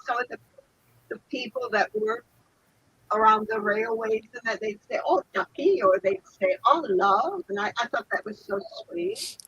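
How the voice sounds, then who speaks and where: A woman's voice: a little high, big pitch swings, moderate pace, gravelly, fairly bright tone, slightly rough, no echo, dull audio. An older woman telling a story in a casual chat, laughing often and acting out other people's lines, heard over a video call. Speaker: guest.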